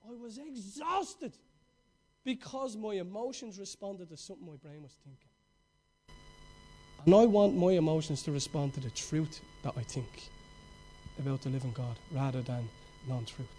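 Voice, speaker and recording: Man, middle-aged, preacher, high-pitched, fervent, storytelling sermon. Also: normal speed, slight background noise. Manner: impassioned, storytelling, swings between loud and hushed.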